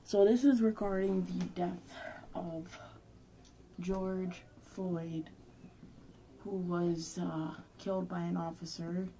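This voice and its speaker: A woman's voice: on the low side, fairly even intonation, slow, long pauses, noisy background. A young woman speaking in an angry, heated vlog rant, swearing often. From Hispanic background. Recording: voice somewhat far from mic.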